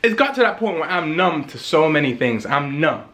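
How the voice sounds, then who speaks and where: Animated young man telling a story. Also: a little high, normal speed. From England. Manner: animated, emphatic, repeats lines for effect. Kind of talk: casual storytelling vlog.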